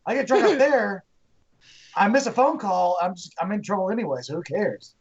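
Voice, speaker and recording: High-voiced joking podcast guest, a man. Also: lively intonation, brisk, muffled recording. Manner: self-deprecating, joking. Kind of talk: casual comedic chat.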